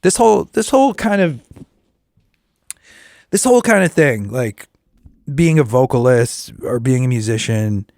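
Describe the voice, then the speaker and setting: A middle-aged man with a tired voice talks casually as a musician host, wandering from thought to thought and correcting himself mid-sentence. His voice sits at an ordinary middle pitch. The sound is close and dry. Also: expressive, measured pace, gravelly, pauses often, no room sound. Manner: rambling, self-correcting, talks through vocal warm-ups. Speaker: podcast host and working musician. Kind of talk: casual solo reflection.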